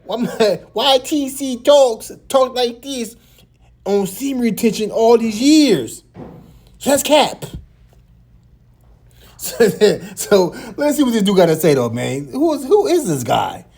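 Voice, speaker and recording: Reaction host, man with a small high voice, slow drawl, swoops wildly while he mocks. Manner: laughing, teasing, animated; high light voice. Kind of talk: mocking reaction commentary.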